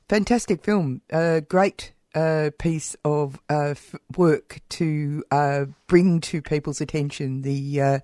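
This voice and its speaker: Radio host, halting, hesitant phrasing, dry close sound. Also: mid-range voice, a little mellow, dry recording. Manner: halting, lots of "uh" fillers while searching for words. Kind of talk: radio interview.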